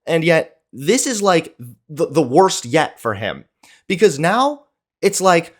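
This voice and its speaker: A man's voice: on the high side, very animated, slow. A man giving sarcastic reaction commentary in a mocking, incredulous way.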